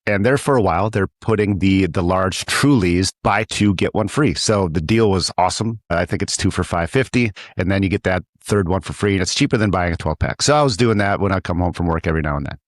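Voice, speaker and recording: A man with a low voice co-hosting a podcast, talking in a relaxed, wry way with casual swearing. The sound is close and dry. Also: brisk, few pauses, no room sound. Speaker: podcast co-host. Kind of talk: casual chat.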